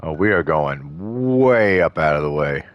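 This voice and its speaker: A man's voice: rumbling low, lively intonation, unhurried, dry recording, lo-fi sound. A man casually commenting while playing a video game, rambling with lots of fillers and restarts. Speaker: video game let's-play host.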